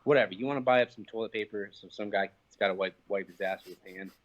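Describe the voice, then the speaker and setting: A young man with a fairly low voice tells a heated story, cursing freely and tripping over his fillers. The audio is dull and lo-fi, like a call line. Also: quick pace. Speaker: interview guest, professional fighter. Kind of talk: casual phone interview.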